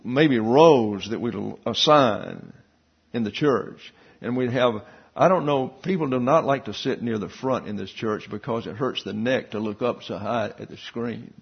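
A man preaching a sermon, teaching from scripture and breaking off into asides and quick questions to the people listening. His voice is husky, sits at a mid pitch, and comes through a dull, lo-fi recording. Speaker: pastor.

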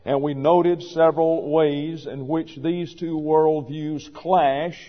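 An older male pastor gives a deliberate, point-by-point sermon in a somewhat higher voice. The sound is dull and muffled, and his words ring out with a long reverb, as if recorded from a large hall. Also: steady tone. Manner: measured, deliberate teaching delivery.

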